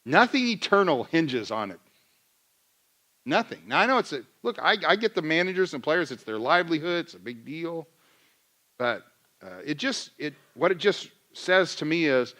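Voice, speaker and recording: A man in middle age preaches to his church in a loose, chatty sermon style. His voice sits a little high and rings bright and forceful. He slips into playful re-enactments of his own griping to make a point. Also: sing-song, normal speed. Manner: conversational, self-deprecating, acts out his own rants. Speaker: pastor.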